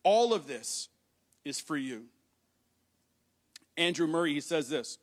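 A man's voice: fairly high pitch, animated, takes it slowly, long pauses. A man preaching a sermon to a congregation, reading scripture aloud and explaining it in a conversational way. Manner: addresses the congregation directly. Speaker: pastor. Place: church hall with congregation.

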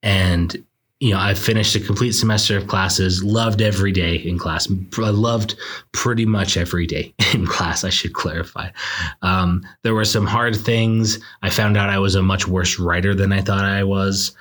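Late at night indoors, a young law student hosts a casual solo podcast, rambling in a reflective, self-deprecating way. His voice is low yet fairly bright, with a steady tone and moderate pace.

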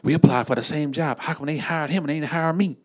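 A jealous, complaining job seeker whines in a voice pitched far above normal, as a man puts him on. The delivery is halting and indignant, with stops and restarts throughout. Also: natural voice. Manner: high-pitched, whiny, halting.

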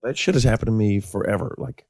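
A man's voice: lowish voice, fast, a little mellow, no echo, clean studio sound. A man who is a guest on a podcast, chatting casually and chiming in with profane jokes. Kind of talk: casual chat.

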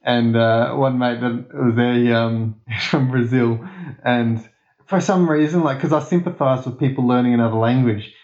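A man's voice: mid-range voice, normal speed, darkish tone. An Australian man from Perth chatting as a guest, rambling and laughing often at himself. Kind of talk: casual chat. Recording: echoey, dull lo-fi sound.

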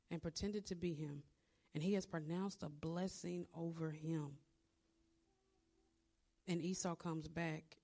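A woman's voice: lowish voice, warm tone. A woman preacher giving a conversational, story-driven sermon, retelling a scripture story with asides.

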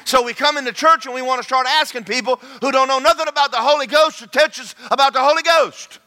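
A man's voice: very high-pitched, quick pace, sharp tone. A man preaching a sermon as pastor, folksy and repetitive, speaking in bursts.

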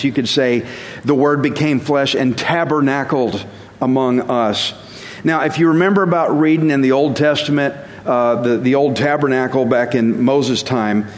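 A man giving a casual sermon as a Bible teacher, conversational and self-deprecating, chuckling at himself now and then. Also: medium pitch. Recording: long reverb.

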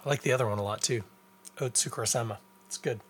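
A man's voice: medium pitch, very fast, background noise. A young Canadian man hosting a podcast, chatting casually and rambling in a self-deprecating way. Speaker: podcast host. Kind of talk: casual solo podcast chat.

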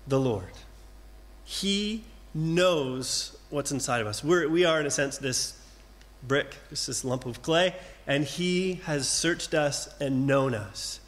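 Reassuring preacher, slightly high voice. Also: male voice. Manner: gentle, reassuring, with slow deliberate pauses and repeated phrases. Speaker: pastor. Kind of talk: sermon. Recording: long hall reverb.

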